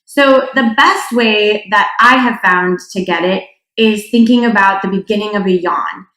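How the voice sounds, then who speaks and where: A woman's voice: mid-range voice, measured pace, sharp tone. Chatty woman voice teacher, echoey room. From North Dakota. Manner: chatty, demonstrates yawning vocal sounds. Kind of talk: singing lesson.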